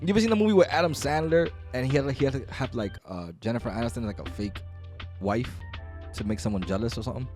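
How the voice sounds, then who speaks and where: A man's voice: mid-range voice, fast, a little mellow, soft background music. A man co-hosting a podcast, talking loosely and joking with friends, swearing often. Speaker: podcast co-host. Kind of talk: casual chat.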